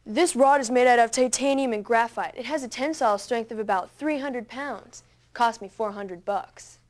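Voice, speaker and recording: A woman's voice: a little high, normal speed, natural voice. A woman voicing a smug, teasing seventeen-year-old boy who shows off to his younger sister's friend. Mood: boastful. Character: cocky seventeen-year-old boy, show-off big brother.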